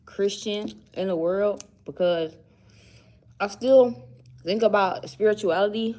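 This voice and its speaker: Speaking slowly in a mid-range voice with a somewhat dark tone, a young woman talks casually to camera while vlogging at work. She rambles between thoughts, musing out loud.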